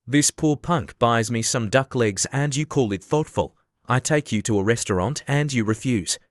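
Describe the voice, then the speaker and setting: A man voicing an arrogant rich young male bully who boasts and insults in a flat, even reading. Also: mid-range voice, normal speed, dry recording, clean studio sound, close to an everyday voice. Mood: boastful.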